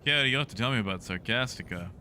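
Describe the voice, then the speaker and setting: A man streams a game from his home setup, chatting casually with live viewers and joking and riffing on their messages. His voice is mid-range with lively intonation and a sharp tone, he talks fast, and there's slight background noise.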